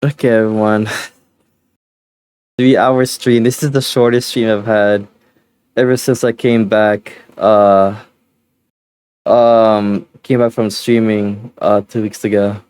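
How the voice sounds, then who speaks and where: A man's voice: fairly low pitch, level tone, darkish tone, smooth, no room sound. A tired, sleepy male streamer winding down his stream in casual chat, rambling and restarting his sentences. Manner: rambling, halting, with many restarts and fillers.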